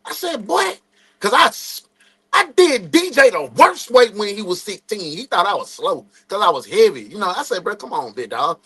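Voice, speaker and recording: A man, telling stories casually as a reaction streamer, animated and laughing. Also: sits high, moderate pace, breathy edge. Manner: animated, loud, laughing storyteller. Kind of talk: casual storytelling.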